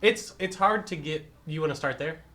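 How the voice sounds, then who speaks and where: A man's voice: a little high, moderate pace, sharp tone. A man on a casual movie podcast, talking eagerly and with emphasis. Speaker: podcast co-host. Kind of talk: casual chat.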